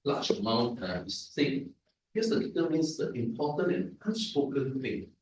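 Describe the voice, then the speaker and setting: A man's voice: mid-range voice, sing-song, moderate pace, slight background noise. A man gives a Toastmasters language evaluation, explaining idioms and checking in with the audience as he goes. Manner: explanatory, repetitive, asks the audience "right?". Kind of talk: club meeting evaluation speech. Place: large echoey meeting room. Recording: echoey room from far off.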